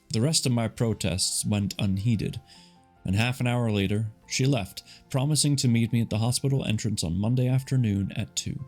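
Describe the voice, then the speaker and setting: A man's voice: medium pitch, moderate pace, a little mellow, faint music behind. A man narrating a novel live, casual, stopping to comment on and correct his own reading. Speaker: audiobook narrator. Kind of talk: live reading with chatty asides.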